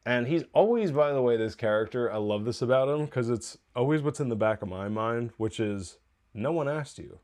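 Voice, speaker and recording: Animated and a little fast, with few pauses, this man's medium-pitched, darkish voice carries a rambling recap of a TV episode on his review podcast. He talks casually, laughs a lot and corrects himself often.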